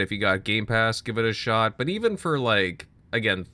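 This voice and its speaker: Bright, lower-voiced podcast host. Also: male voice, big pitch swings, normal speed, dry recording. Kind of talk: casual chat.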